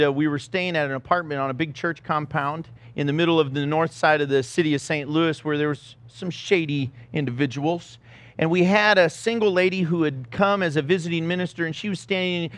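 High-voiced animated preacher man. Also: no echo. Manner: animated storytelling, self-mocking, acts out the scenes. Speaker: pastor. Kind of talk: sermon.

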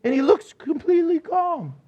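High-voiced preacher, fervent. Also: male voice, lively intonation, normal speed, highs cut off. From United States. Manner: dramatic, acts out voices, swings from soft to shouting. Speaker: pastor. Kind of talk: sermon.

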